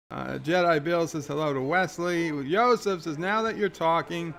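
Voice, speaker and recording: A man's voice: a little high, normal speed, vocal fry, hardly any pauses, a bit bright. A man hosting a casual livestream, chatting loosely and reading viewer comments aloud, often restarting his sentences. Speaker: livestream host.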